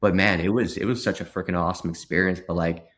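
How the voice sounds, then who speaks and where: Man, podcast guest, deep voice, casual and enthusiastic, anecdotal chat. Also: steady tone, quick pace, a bit bright. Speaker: podcast guest, business owner. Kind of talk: casual conversational interview.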